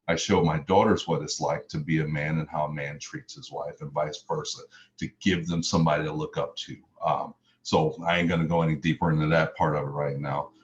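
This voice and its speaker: A middle-aged motivational speaker from Mississippi gives an earnest personal testimony in an extremely low, flat voice, speaking briskly on a muffled recording. He stacks up repeated phrases in lists, his voice rising for emphasis.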